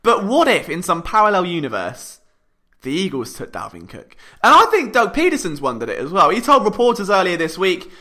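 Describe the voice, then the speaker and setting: Bright-voiced young British podcast host. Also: male voice, sits high, fairly quick. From Britain. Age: young adult. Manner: jokey, animated, self-mocking. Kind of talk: sports podcast monologue.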